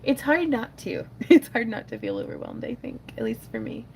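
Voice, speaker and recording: A middle-aged woman hosting a crafting livestream, chatting casually and muttering soft asides to herself while she works. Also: a little high, huge pitch swings, normal speed, vocal fry, slight background noise.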